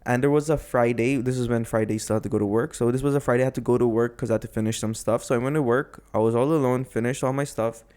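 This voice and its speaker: Brief: mid-pitched male podcast host, rambling anecdote, casual and jokey. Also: fairly even intonation, fast talker, hardly any pauses, darkish tone. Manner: rambling, self-correcting, jokey. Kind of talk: casual chat, storytelling.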